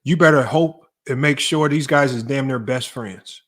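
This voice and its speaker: A man's voice: medium pitch, moderate pace, a bit bright. A man who coaches basketball, talking in a casual sports debate, emphatic and often repeating words as he builds a point. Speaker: basketball coach and podcast host.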